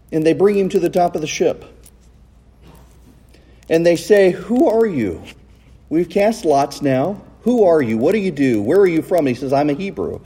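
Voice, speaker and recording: A man preaching a sermon in a church, recorded on a cell phone, with animated delivery and rhetorical questions. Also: mid-range voice, long reverb tail. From United States. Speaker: pastor. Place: church sanctuary.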